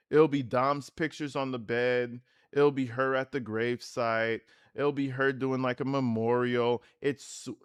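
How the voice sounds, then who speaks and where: A man's voice: mid-range voice, a bit bright. A man hosting a livestream, commenting in a blunt, sarcastic way with lots of swearing.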